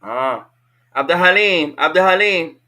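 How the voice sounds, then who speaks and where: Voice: mid-range voice, animated, unhurried, sharp tone. A teacher leading an online language lesson for children, patiently repeating each question over a video call.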